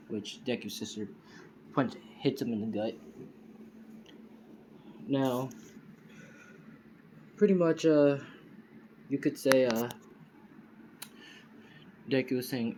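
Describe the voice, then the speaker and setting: A man's voice: mid-range voice, takes it slowly, pauses often, noisy background. A man improvising a fan story aloud, rambling with many fillers and restarts, recorded on a phone. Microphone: phone screen recorder.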